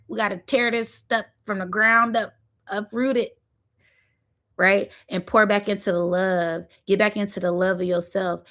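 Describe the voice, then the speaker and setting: A woman's voice: medium pitch, a bit bright. A woman, hosting a spiritual motivational monologue in an emphatic, preachy way, repeating phrases and using slang. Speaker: spiritual channel host.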